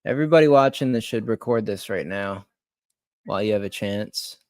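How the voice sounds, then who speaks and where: A man's voice: fairly low pitch, a little fast, a little mellow, dry recording, clean studio sound. A young man ranting on a late-night live stream about sports betting, swearing and repeating himself as he vents. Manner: agitated, swearing, repeats words.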